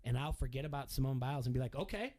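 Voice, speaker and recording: A middle-aged man co-hosting a sports radio show, talking in a rambling, animated way with many restarts. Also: mid-range voice, racing. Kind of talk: casual sports talk.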